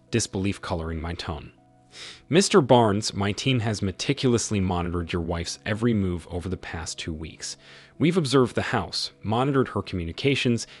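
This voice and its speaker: Man, low husky voice, lively pitch, story narration, faint music behind. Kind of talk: scripted first-person story narration.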